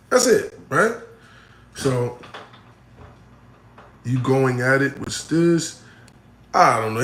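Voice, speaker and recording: A man, a battle rapper, talking casually to camera and answering a fan's question. He is blunt, repeats himself and swings between loud emphatic points and muttered asides. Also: medium pitch. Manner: blunt, repeats himself, full of "you know what I'm saying" and "right?". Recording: echoey room.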